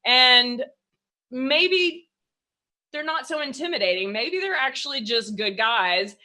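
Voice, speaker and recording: Bright, lively woman host. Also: sits high, slow pace. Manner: animated storyteller, laughs often, acts out her own thoughts. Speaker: podcast host. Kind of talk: casual interview chat.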